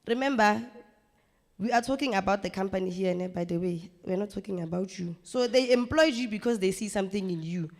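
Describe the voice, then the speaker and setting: A woman gives a lively, coaching workshop presentation to a training group. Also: mid-range voice. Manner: lively, coaching, acts out quick scenes. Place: training room. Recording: reverberant training room.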